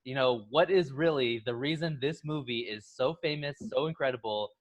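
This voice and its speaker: A man co-hosting a casual movie review chat, retelling scenes with lively character impressions. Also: medium pitch, normal speed. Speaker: podcast co-host.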